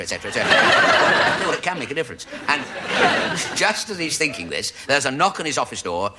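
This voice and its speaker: A man's voice: on the low side, very noisy. A male comedian telling a long, rambling joke with dry asides. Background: studio audience laughter.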